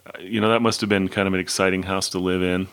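A man with a deep, low voice talks through a classic novel in a relaxed chat. He speaks in a measured way with some hesitation, pausing on fillers as he reads out dates. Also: clear, resonant tone. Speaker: book discussion co-host. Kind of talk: casual book chat.

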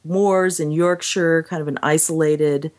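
A woman with a low voice chats about a classic novel in an easy, conversational way. She thinks aloud, often lifting her voice as she makes a point. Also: a little slow. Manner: thoughtful, chatty, lively rises in pitch. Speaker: book discussion co-host. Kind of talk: casual book chat.

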